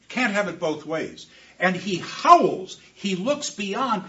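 Male lecturer, high bright voice, emphatic, heard from afar on a dull recording. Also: slow, recorded from a distance. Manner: expressive, with emphatic repetitions. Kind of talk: classroom lecture.

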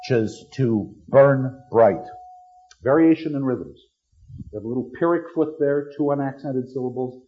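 A middle-aged man lectures on poetry with animated energy, swinging from quiet asides to bursts of dramatic reading. His voice sits at an ordinary pitch. The recording is slightly dull and lo-fi. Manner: animated, acts out lines dramatically. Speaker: literature teacher.

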